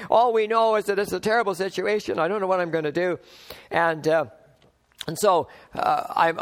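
Man preaching a chatty sermon, fairly high voice. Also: animated, normal speed. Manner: conversational, acts out dialogue, chuckles often. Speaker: pastor.

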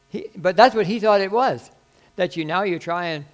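A man's voice: high-pitched, normal speed. An older man preaching a sermon as pastor, folksy and rambling, with self-deprecating humor.

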